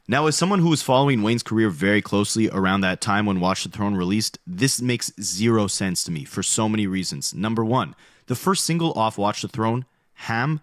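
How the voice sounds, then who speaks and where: A man's voice: on the low side, no echo, clean studio sound. A man narrating a scripted commentary video, laying out his points one by one. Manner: brisk, explanatory, listing points.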